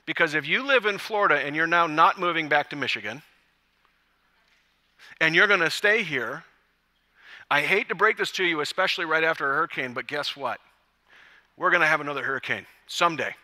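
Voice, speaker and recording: A man preaching to his church congregation, his voice very bright and ringing. He pitches a little higher than most men and keeps the message lively with jokes and acted-out lines. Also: fairly quick, pauses often, in a large hall. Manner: lively, joking storyteller who acts out quotes. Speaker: pastor. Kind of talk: sermon. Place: church service.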